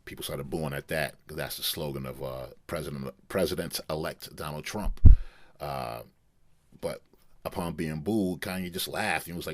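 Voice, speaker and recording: Low-voiced guy rambling through celeb news, lots of restarts, dry close sound. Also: fairly bright tone, dry recording. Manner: rambling, halting delivery with many restarts. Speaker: commentary host. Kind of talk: casual news commentary.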